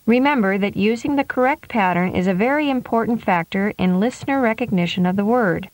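A woman with a mid-range voice reads course instructions clearly and deliberately. The sound is dry and close, recorded in a studio. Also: mid-range voice, dry recording. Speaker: pronunciation instructor. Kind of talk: scripted instructional narration.

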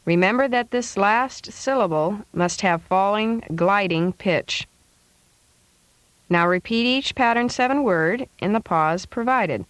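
A woman recording a scripted pronunciation lesson, reading word drills slowly and deliberately with clear stress. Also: mid-range voice, animated, no echo. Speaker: pronunciation instructor.

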